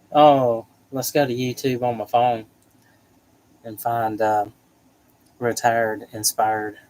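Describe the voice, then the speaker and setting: A man's voice: medium pitch, little pitch movement, slow pace, long pauses, darkish tone, slight background noise, low-quality recording. A man hosting a casual livestream, reading viewer comments aloud in a chatty, joking way. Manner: chatty, joking, laughs often. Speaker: livestream host.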